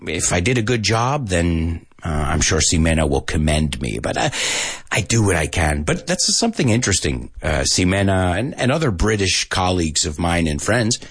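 Husky-voiced man hosting lively. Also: low-pitched, normal speed, dry recording, clean studio sound. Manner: playful and jokey, sprinkling in Spanish phrases. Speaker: radio show host and English teacher. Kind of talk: casual radio hosting, teaching vocabulary.

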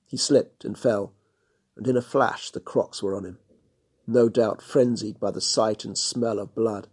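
A man reads a storybook chapter aloud in a steady, measured way. His voice sits slightly low with a husky grain. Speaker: narrator. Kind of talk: storybook narration.

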